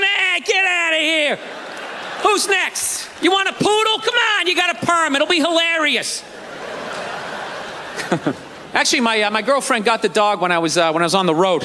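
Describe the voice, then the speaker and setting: A man doing a stand-up routine, ranting with mock outrage and bursts of shouting. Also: very high voice, a little hiss or hum. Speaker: stand-up comedian. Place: theater stage before a live audience. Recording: live hall with crowd laughter.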